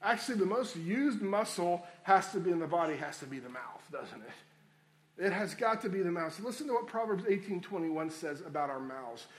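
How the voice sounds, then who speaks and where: A man's voice: high voice, lively intonation, normal speed. A man preaching a sermon, addressing listeners as friends and repeating key phrases for emphasis. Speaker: pastor.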